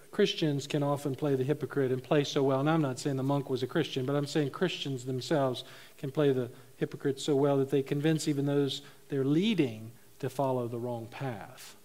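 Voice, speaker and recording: Middle-aged pastor preaching with humor. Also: male voice, fairly high pitch, darkish tone. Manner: humorous storytelling, laughs at his own jokes. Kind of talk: sermon.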